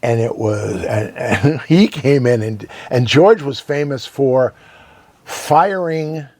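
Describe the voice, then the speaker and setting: An older man, a longtime radio broadcaster, telling stories as an interview guest in an animated way and often checking in with "right?". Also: medium pitch, slow, no room sound. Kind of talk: casual storytelling interview.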